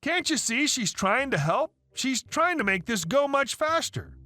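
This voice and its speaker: A man voicing a calm male store manager who tries to settle a dispute. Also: very high-pitched, measured pace, no room sound, pitched above the performer's own voice, full character voice.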